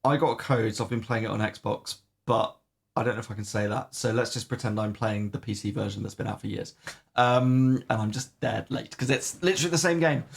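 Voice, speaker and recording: Here a man with a gravelly, medium-pitched voice chats about games as a podcast co-host. He rambles, says "um" a lot, and swears now and then in an easygoing way.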